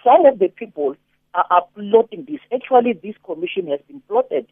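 A man phones in to share his opinion, his voice pitched high and a little husky. He stumbles and repeats words as he goes, and the tinny phone line strips away the fullness of his sound. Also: very animated, no room sound. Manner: halting, many repeated words. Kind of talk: phone-in commentary.

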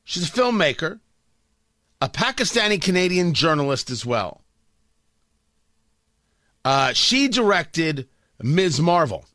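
A middle-aged male talk radio host with a high, bright voice that leaps all over the place. He rants sarcastically and picks fights, dropping to mutters and then bursting out loud. The studio sound is dry and close. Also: sing-song, slow pace, pauses often, dry recording. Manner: sarcastic, combative, swings between mutters and loud mock outbursts. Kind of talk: opinionated talk radio monologue. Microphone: studio broadcast mic.

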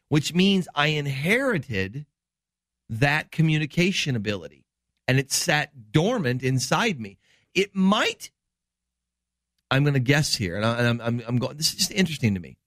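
A man's voice: a little high, very animated, normal speed, a bit bright, no room sound, clean studio sound. A middle-aged man from Wisconsin, a doctor hosting a health show, explaining news in rambling, enthusiastic casual chat.

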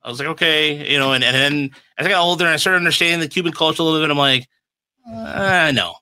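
A man's voice: on the high side, fairly even intonation, racing, bright, forceful tone, clean tone, dry recording, rough recording. A man hosting a podcast in casual chat, telling stories and giving firm opinions. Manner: chatty storyteller, opinionated. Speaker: podcast host.

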